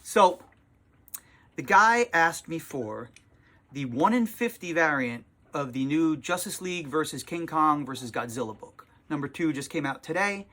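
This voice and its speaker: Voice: medium pitch, expressive, measured pace, pushed and bright. A tired comic shop owner talking in a casual vlog from the small shop, exasperated and sarcastic, swearing freely.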